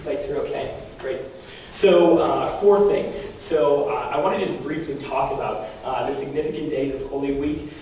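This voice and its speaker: A young man giving a lively talk to a parish group, animated, laughing often and full of fillers, with a voice that is going hoarse. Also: mid-range voice, moderate pace, few pauses. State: losing his voice. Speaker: parish speaker. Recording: echoey hall from far off, faint noise.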